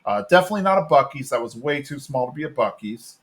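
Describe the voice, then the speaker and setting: A podcast co-host with a mid-range, expressive voice talks fast as he recaps a cartoon episode. His delivery rambles casually, and he raises his voice when quoting the characters.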